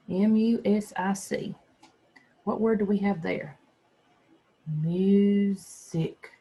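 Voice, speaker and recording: Teacher for a phonics lesson, mid-pitched, gravelly edge, spells letters aloud patiently. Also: warm tone. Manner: patient, sounds words out slowly and spells letters. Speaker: second grade teacher. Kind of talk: phonics lesson for young children.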